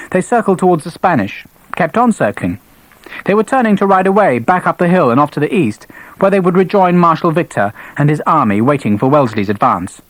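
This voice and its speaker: A man reading an audiobook in expressive scripted narration. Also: a little high, dry recording, low-quality recording. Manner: expressive storytelling.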